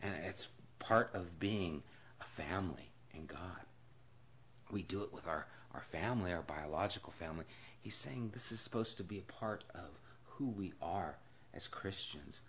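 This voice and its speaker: Speaking at a moderate pace, this man teaches a Bible study as a pastor, delivering a conversational sermon full of stories. He swings between quiet, low passages and loud, emphatic ones, with slight background noise in the recording.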